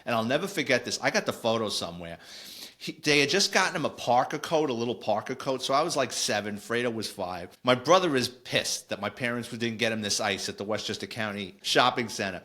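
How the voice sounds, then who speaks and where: A middle-aged man, telling a casual, animated story on a podcast with lots of digressions. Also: mid-range voice, brisk. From New York. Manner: animated, digressive, acts out quoted voices. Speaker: podcast host, former police officer.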